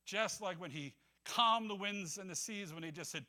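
Bright-voiced man preaching conversationally. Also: fairly high pitch, expressive, fairly quick, hardly any pauses. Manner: conversational, acts out scripture voices, laughs often. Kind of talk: sermon.

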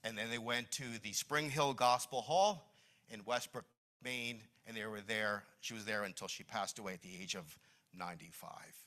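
Bright-voiced man speaking in church. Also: fairly low pitch, moderate pace. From New Jersey. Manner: warm, reminiscing, with many restarts. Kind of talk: Mother's Day church talk. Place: church meeting hall.

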